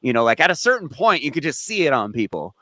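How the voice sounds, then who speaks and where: A man hosting a casual podcast, telling stories in a rambling, animated way with frequent restarts and swearing. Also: mid-range voice, fast, no echo. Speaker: podcast host.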